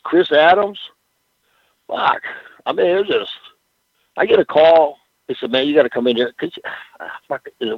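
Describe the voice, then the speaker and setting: Older man, raspy, animated, cussing storyteller; dull radio-quality sound. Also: fairly high pitch, no room sound. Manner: profane, rambling storyteller with frequent "you know what I'm saying". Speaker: former pro wrestler, interview guest. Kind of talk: casual storytelling interview.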